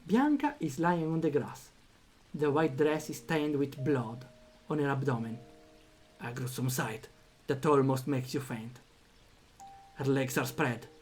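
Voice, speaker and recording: A man streaming a story game, reading the text aloud and reacting with animated commentary. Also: mid-range voice. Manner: animated, reacts out loud, thinks aloud with fillers.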